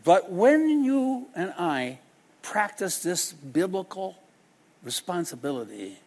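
A man preaching a sermon, dramatic and expressive, acting out the people he quotes. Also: high voice, slow pace. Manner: dramatic, acts out quoted people in shifting voices.

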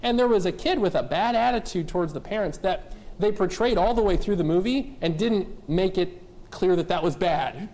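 Emphatic high-voiced male pastor preaching. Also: lively intonation, moderate pace, darkish tone. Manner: emphatic, rhetorical questions to the congregation; addresses kids and adults directly. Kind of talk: sermon.

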